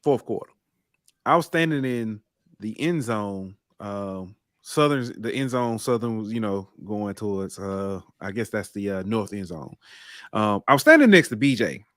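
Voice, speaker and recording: A man co-hosting a casual sports podcast, telling game-day stories with lively swings in pitch and loudness. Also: normal speed, no echo, clean studio sound. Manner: animated storytelling, rises in pitch and volume when excited. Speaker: podcast co-host.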